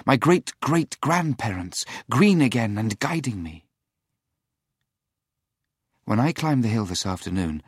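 Husky, expressive male storyteller. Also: mid-range voice, dry recording, clean studio sound. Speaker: narrator. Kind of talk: storybook reading.

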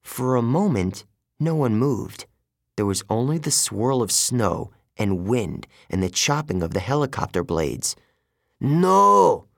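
A man narrating a first-person adventure story in an audiobook, with expressive storytelling. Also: lowish voice, a little slow, no echo, clean studio sound.

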